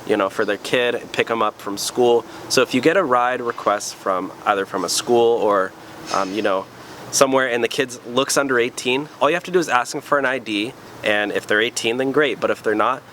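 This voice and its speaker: A man's voice: medium pitch, fairly quick, fairly bright tone, a little hiss or hum. A man hosting his own channel, giving casual tips as a rideshare driver, with many "um"s and "you know"s. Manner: chatty, lots of "um" and "you know", upbeat openers. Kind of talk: casual talking-head advice.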